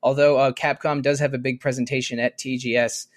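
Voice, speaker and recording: A man's voice: mid-range voice, level tone, a little fast. A man talking casually on a podcast, thoughtful and rambling, often restarting his sentences. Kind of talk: casual podcast chat about a video game.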